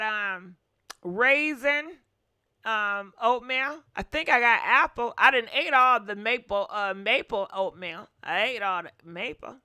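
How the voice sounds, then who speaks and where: A woman's voice: a little high, pushed and bright, smooth, no room sound, studio quality. Folksy, chatty woman host. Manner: chatty, folksy, sighing and humming asides. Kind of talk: casual chat to viewers.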